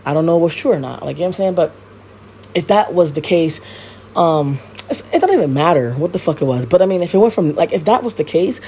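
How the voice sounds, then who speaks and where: A woman's voice: deep voice, fast talker, a little hiss or hum. A woman hosting her own podcast, ranting casually with blunt, profane slang and lots of repetition. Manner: blunt, heavy swearing and slang; animated, repeats herself. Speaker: podcast host. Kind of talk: casual commentary rant.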